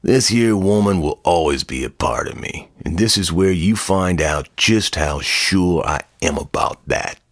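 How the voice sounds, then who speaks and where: A man voicing a tough, mocking Italian pool hustler with a slow, taunting drawl. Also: deep voice, lively intonation, dry recording, studio quality, exaggerated voice.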